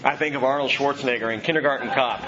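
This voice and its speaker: A man preaching an expository sermon in an animated way, dropping to a hush and rising loud for emphasis. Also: medium pitch, fast, dull audio, noisy background.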